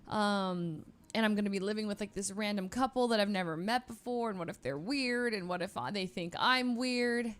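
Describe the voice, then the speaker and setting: A woman's voice: medium pitch, normal speed, hardly any pauses. A young woman from Northern California, a streamer telling a long personal story in a casual, rambling way with lots of fillers.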